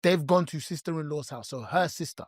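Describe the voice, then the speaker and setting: A man's voice: a little high, fairly quick, slightly rough, no room sound, clean studio sound. A man, co-hosting a podcast, telling stories casually with lots of slang and laughter. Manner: animated, laughs often, heavy slang. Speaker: podcast co-host. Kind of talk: casual storytelling chat.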